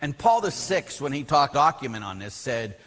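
A middle-aged or older man, a Catholic priest, teaching a class in a blunt, animated way and telling stories. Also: medium pitch, normal speed. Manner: blunt, animated, acts out quotes. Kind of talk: informal religious teaching with anecdotes. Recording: long reverb of a large hall.

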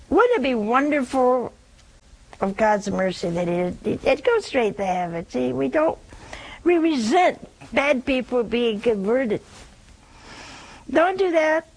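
A woman hosting a show, giving gentle, folksy spiritual counsel to a listener and often adding a questioning "see?". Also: on the high side, animated, slow, low-quality recording. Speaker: host giving spiritual advice.

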